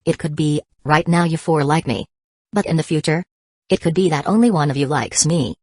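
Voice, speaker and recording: A woman reading as a calm young man. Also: low-pitched, moderate pace, no room sound. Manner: calm, even delivery.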